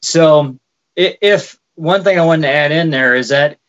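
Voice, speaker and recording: Podcast co-host, male, light Wisconsin accent, slightly raised pitch, casual explainer, muffled audio. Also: measured pace. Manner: relaxed and explanatory, with frequent fillers. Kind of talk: casual chat.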